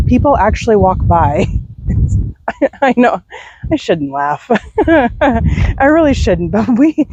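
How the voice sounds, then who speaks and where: Middle-aged woman rambling on a night dog walk, slow easygoing talk, bit husky. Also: medium pitch, mellow, dry recording. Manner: chatty, laughs and sighs often. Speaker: vlogger walking her dog. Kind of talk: casual walk-and-talk chat. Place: outdoors in a neighborhood at night.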